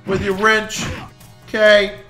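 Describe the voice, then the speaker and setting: A man commentating on his own gameplay, excitable, swearing and shouting at enemies. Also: sits high, slow. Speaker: let's play host. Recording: echoey room with game music.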